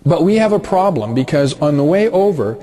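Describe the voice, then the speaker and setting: A man voicing a slow, gruff old male farmer in a told story. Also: on the high side, very animated, crowd noise.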